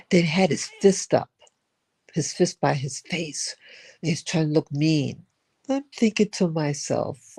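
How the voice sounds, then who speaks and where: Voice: mid-range voice, unhurried, creaky, a little mellow, husky. An older person telling a personal story in a rambling, reflective way, often repeating and restarting words. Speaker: spiritual vlogger.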